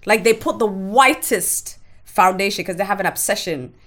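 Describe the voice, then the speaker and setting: A woman's voice: mid-range voice, a bit bright. A woman guest on a podcast telling her own story in a frank, emotional way, swearing freely and often stopping to restart her sentences. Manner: halting, with restarts. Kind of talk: candid personal storytelling.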